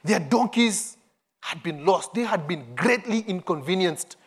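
A man's voice: high-pitched, lively intonation, measured pace, breathy edge. A man preaching a sermon, reading scripture and acting out the quoted voices with urgency.

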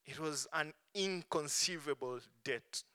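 A man preaching a sermon, stressing points strongly and letting phrase endings fall soft and low. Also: unhurried, clear, resonant tone. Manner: emphatic, swings between strong stresses and soft dropped endings.

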